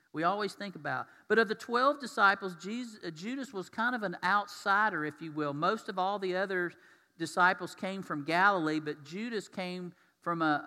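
A man preaching in a church sanctuary, his slightly high, bright and forceful voice carrying a long reverb tail through the hall. He keeps the sermon conversational, often turning to his congregation with questions. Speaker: pastor.

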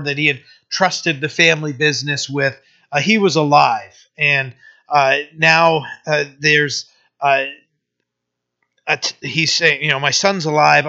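A man preaching a sermon, telling a story in a halting way with many restarts, then growing emphatic. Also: fairly high pitch, pushed and bright. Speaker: pastor. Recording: dull lo-fi sermon recording.

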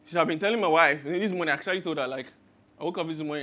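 Pastor, thirties, high-pitched male voice, storytelling sermon. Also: racing, sharp tone, a little hiss or hum. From Nigeria. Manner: storytelling, acts out quoted voices with rising emphasis.

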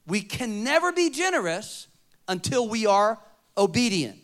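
Emphatic preaching man, higher pitched. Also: sing-song, measured pace. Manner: dynamic preaching, swings from loud emphatic to quiet storytelling. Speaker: pastor. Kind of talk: sermon.

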